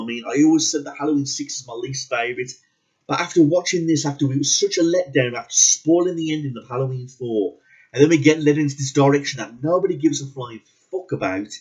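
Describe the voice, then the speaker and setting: Ranting husky man. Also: medium pitch, darkish tone, highs cut off. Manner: swears constantly, repeats words for emphasis. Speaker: movie reviewer. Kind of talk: angry profane movie rant.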